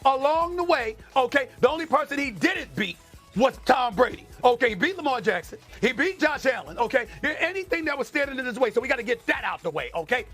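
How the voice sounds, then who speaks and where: A man's voice: very high voice, fairly bright tone. A man in a heated sports debate, emphatic and incredulous, repeating phrases for effect.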